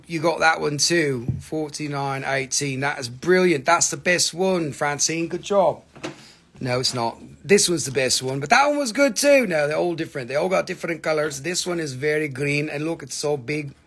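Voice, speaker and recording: High, gravelly-voiced man hosting a live sale. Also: normal speed, fairly bright tone. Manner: joking, rambling, playful. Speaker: host of a live mineral sales stream. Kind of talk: casual live selling banter.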